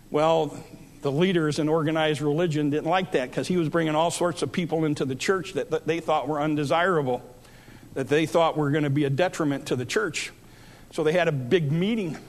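A man preaching a sermon, telling a Bible story and acting out its speakers with rising emphasis. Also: on the high side.

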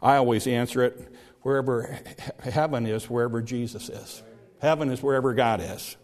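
A man preaching a sermon, explaining scripture verse by verse. He shifts between plain talk to the congregation and slow, emphatic readings of the text. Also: mid-range voice, fairly even intonation, a little mellow. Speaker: pastor.

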